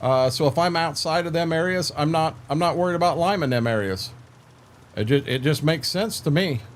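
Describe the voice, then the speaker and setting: An older man streams a farming game and talks with viewers in a slightly high, brisk voice. His manner is laid-back and rambling, with repeated words and gaps filled by "uh".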